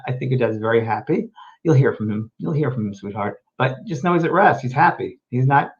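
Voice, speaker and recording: A man speaking at a middle pitch, gentle and reassuring as he rambles through answers to viewers. The sound is dull and lo-fi, like a home stream. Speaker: host and medium. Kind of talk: casual live show answering viewer questions.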